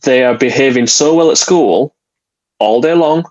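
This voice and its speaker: Man, podcast guest and dad, mid-pitched voice, earnest plain talk, dull lo-fi remote audio. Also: normal speed, darkish tone. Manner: earnest, plain-spoken, laughs lightly. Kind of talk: casual interview conversation.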